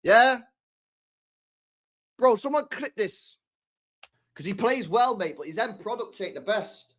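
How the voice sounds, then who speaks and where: Excitable man yelling at football. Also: high-pitched, takes it slowly. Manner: excitable, shouts at the screen, swears, slangy. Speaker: streamer reacting to a football match. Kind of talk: live stream reaction commentary.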